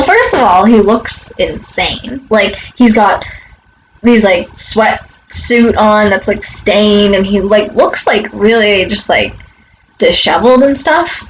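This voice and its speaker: A woman's voice: medium pitch, a little hiss or hum, low-quality recording. A young woman vlogger telling a casual story outside her front door, rambling with many fillers and swearing.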